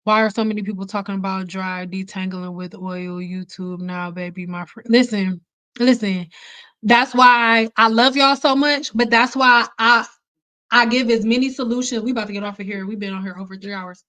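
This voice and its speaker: A woman's voice: medium pitch, fairly even intonation, normal speed, a bit bright. A woman hair stylist hosting a livestream, telling candid stories in a casual, emphatic way. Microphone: computer mic on a livestream.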